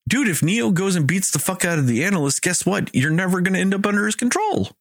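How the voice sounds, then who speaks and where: Animated man ranting about a movie. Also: high-pitched, fast, hardly any pauses, dry recording, clean studio sound. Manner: animated, exasperated ranting with swearing and quoted dialogue. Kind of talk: casual movie review chat.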